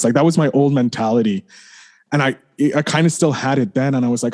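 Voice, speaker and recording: Talking at a quick pace in a mid-range, darkish voice, a man appears as a podcast guest with a candid personal story. He rambles, relies on fillers like "like," keeps restarting, and apologizes for swearing.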